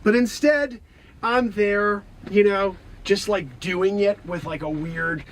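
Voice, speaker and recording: A man's voice: sits high, slow pace, slight background noise. A man playing a boastful, melodramatic time-traveling man who rants in exasperation in an improvised comedy sketch. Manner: exasperated rants, shouting, frequent exclamations.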